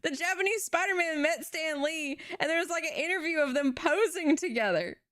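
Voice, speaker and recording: A young woman streaming, retelling a show in an animated, rambling way with casual swearing. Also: sits high, brisk, dry recording, clean studio sound. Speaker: VTuber streamer.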